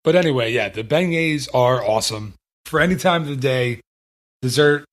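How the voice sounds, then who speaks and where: A man's voice: medium pitch, lively intonation, moderate pace. Easygoing man telling stories. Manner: easygoing storyteller, self-deprecating. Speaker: podcast host. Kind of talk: casual podcast chat.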